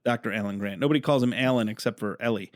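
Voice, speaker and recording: A man's voice: lowish voice, rapid-fire, no echo, clean studio sound. Joking man co-hosting a podcast. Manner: joking, profane. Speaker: podcast co-host. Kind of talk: casual chat.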